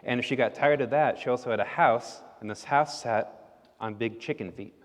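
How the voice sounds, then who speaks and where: A man's voice: mid-range voice, normal speed. A man telling a folk tale to children in a church service, playful and full of questions to them, in an echoey hall. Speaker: storyteller. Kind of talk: children's story time in a service. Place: church sanctuary.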